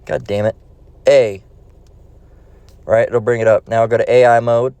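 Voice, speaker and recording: A man's voice: mid-range voice, flat delivery, normal speed, warm tone, clean tone, no echo. A man giving a rambling, profane screen-share lesson, repeating himself as he goes.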